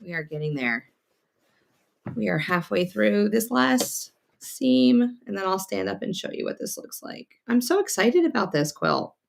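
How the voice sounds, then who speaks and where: A very animated but unhurried woman with a creaky, medium-pitched voice runs a laid-back quilting livestream from her sewing room at home in North Carolina. She chats away and reads viewer comments aloud while sewing, a machine whirring faintly nearby.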